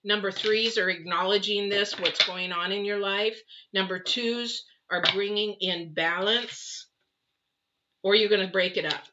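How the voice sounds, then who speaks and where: A woman's voice: mid-range voice, fairly even intonation, a little slow, lo-fi sound, background noise. A middle-aged woman doing a live tarot reading, chatty and rambling, talking straight to her viewers. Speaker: tarot reader.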